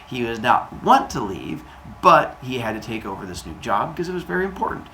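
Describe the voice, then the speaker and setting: A man voicing a mother gently comforting her son in an earnest, soothing way. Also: mid-range voice, sing-song, fairly quick, slight background noise, poor audio.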